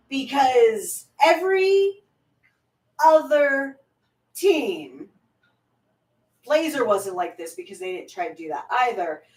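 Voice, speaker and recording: A woman chatting casually and bluntly with frequent swearing while nursing a headache. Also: high-pitched. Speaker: co-host. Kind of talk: casual reaction chat. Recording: echoey room, far from mic.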